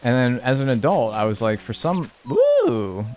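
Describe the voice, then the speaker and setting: A man's voice: mid-range voice, lively intonation, brisk. A young man chatting casually on a live stream, joking and reacting to chat in a laid-back way.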